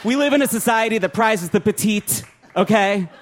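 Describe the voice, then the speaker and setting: A man doing a stand-up set, self-mocking and shouting his punchlines. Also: sits high, normal speed, some chatter behind, a little hiss or hum. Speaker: stand-up comedian. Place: live comedy show before an audience.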